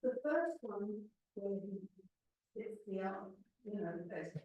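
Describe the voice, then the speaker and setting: A woman's voice: medium pitch, animated, dark tone, slight background noise. Distant, hesitant woman in the audience. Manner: halting, hesitant. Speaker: class participant. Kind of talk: audience comment. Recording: distant and very echoey, off-mic.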